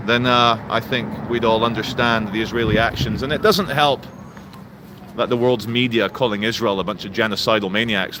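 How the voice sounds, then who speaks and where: A man livestreaming outdoors, ranting and greeting viewers in the chat with lively energy. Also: medium pitch. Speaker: livestream host. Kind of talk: live-streamed political rant. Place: outdoors in a town. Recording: faint outdoor traffic noise.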